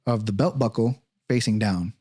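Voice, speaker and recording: A fairly low, husky voice at normal speed belongs to a podcast host telling a casual, profane story with lots of energy. He acts out the quoted voices of others, recorded in clean studio sound with no echo.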